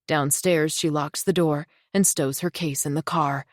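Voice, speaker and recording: A woman reading a thriller audiobook in a tense, measured storytelling voice. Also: deep voice, steady tone, dry recording, clean studio sound. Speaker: audiobook narrator. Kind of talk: scripted thriller narration.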